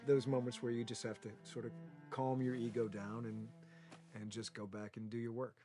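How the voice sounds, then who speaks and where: A man's voice: medium pitch, level tone, normal speed, over music. A man speaking emphatically in a documentary interview.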